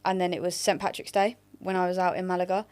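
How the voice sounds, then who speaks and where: A woman's voice: lowish voice, little pitch movement, fast, a little mellow. A young woman from England co-hosting a podcast, telling rambling stories in a casual chat. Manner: chatty, rambling storyteller. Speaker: podcast co-host.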